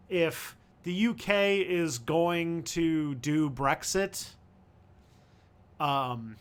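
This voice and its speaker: On a relaxed livestream, a man answers questions from viewers, thinking out loud haltingly with lots of fillers and false starts. His voice is slightly high and has a sharp edge.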